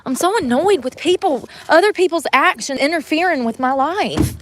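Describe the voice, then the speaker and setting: A young woman ranting bluntly and profanely on a casual live stream, exasperated and loud-mouthed. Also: high-pitched, expressive, moderate pace, background noise. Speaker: livestreamer.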